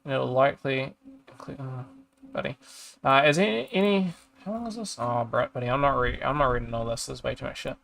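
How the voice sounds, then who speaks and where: A man's voice: mid-range voice, a little fast, creaky, fairly bright tone, a little hiss or hum. A streamer chatting casually, ranting in exasperation and swearing as he reads a review aloud and trails off mid-sentence. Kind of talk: casual chat while reading a review aloud.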